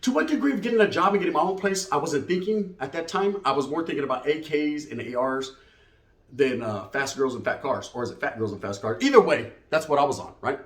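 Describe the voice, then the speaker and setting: A man's voice: on the high side, lively intonation, fairly quick. A middle-aged man, telling a comic story in streetwise slang and tagging lines with "right?". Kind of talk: comedic storytelling. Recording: roomy echo.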